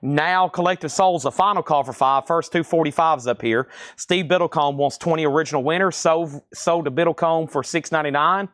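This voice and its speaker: A man hosting a live record sale, calling out items, prices and buyers in a brisk, chatty way from a record shop storeroom. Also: a little high, fairly bright tone, dry recording. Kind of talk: livestream auction calling.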